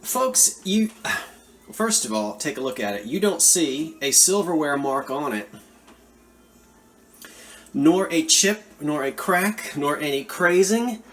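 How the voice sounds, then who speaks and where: A man's voice: on the high side, slow pace, soft background music. A man enthusiastically showing off antique finds from a thrift haul in a chatty, casual vlog. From Philadelphia area. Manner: animated, enthusiastic, chatty asides. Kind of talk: casual show-and-tell vlog.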